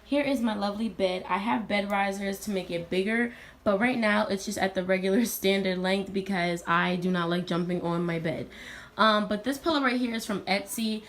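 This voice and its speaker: A young woman in college giving an upbeat, chatty tour of her dorm room and speaking straight to her viewers. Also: mid-range voice. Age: young adult. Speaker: college student vlogger. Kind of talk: casual dorm tour vlog.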